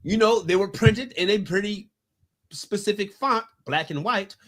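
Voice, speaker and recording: Bright high-voiced man, halting sports talk. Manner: halting, frequent restarts. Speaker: podcast co-host.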